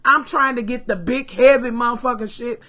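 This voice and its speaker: A woman telling a story to her live stream viewers, animated and full of profanity, calling them "y'all". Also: fairly high pitch, brisk. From Kentucky, USA.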